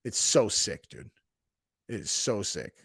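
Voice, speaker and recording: A man's voice: on the low side, lively intonation, measured pace, a bit bright, breathy edge, no room sound, clean studio sound. A man hosting a casual live stream from home, answering chat in a laid-back, profane way and saying "dude" constantly. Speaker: streamer host. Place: home in Texas.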